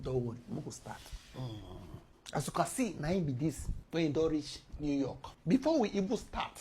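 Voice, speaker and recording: Husky-voiced Nigerian woman explaining news. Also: on the low side. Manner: lively storytelling, frequent chuckles. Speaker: host. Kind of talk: casual explainer in Pidgin.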